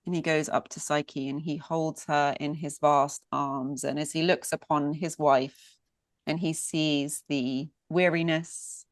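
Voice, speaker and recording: A woman's voice: low-pitched, steady tone, slow, no echo. A woman telling a myth as a storyteller, lingering and repeating words for emphasis. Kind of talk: mythic storytelling.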